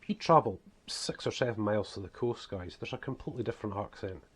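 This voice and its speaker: Speaking fast in a slightly rough, lowish, expressive voice, a preacher and author from northeast Scotland talks casually to camera about his book series. His Scottish accent is muted, and he rambles with frequent "you know"s and "guys."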